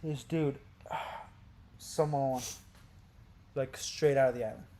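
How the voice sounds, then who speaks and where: A man swaps crude stories with a friend, his voice dropping low and mumbly and then jumping to loud, laughing shouts. He sits at an average pitch for a man. A faint hum of noise sits under the chat. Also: slow pace. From Brazil. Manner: animated, gets loud and laughing when telling wild stories. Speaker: podcast co-host. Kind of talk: casual storytelling chat.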